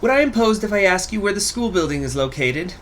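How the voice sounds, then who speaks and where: A courteous young teacher, caught off guard but gracious, as a man pitches his voice well up to play her. Her phrasing is formal and careful, as in a storybook event read aloud from a strategy game. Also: animated, fast, a bit bright, slight background noise. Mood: polite. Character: polite young woman teacher, flustered.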